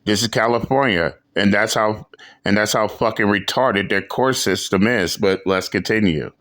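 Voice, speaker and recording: A man's voice: lowish voice, normal speed, fairly bright tone. A man hosting a reaction show, commenting bluntly with frequent swearing and repeated phrases. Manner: blunt, profane, repeats himself. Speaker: show host reacting to clips.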